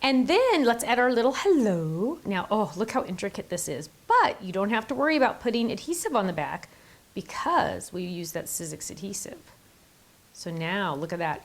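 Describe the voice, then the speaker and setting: A woman's voice: a little high, big pitch swings, measured pace. A middle-aged woman hosting a card-making tutorial, chatty and enthusiastic, gushing over her supplies. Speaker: craft video host.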